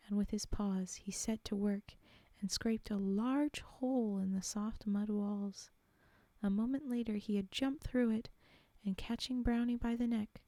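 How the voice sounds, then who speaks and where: Young woman storyteller, soft and half-whispered, dry close sound. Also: medium pitch, no echo. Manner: soft, often half-whispered, chatty asides. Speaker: streamer reading fairytales. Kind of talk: live-stream story reading.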